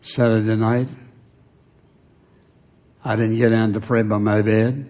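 A man's voice: mid-range voice, flat delivery, a little slow, long pauses, darkish tone. An older man preaching a sermon in a conversational way, often dropping to a near whisper for emphasis. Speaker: pastor.

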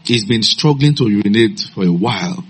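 In his sermon, a husky-voiced man speaks briskly, narrating stories low and calm before bursting out with loud, shouted commands.

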